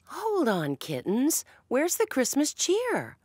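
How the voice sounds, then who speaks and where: A woman's voice: high-pitched, wildly swooping pitch, slow pace, darkish tone, no echo, full character voice. A woman voicing a grown-up who tells the kittens a story in a coaxing way. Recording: dry cartoon voice track with faint music.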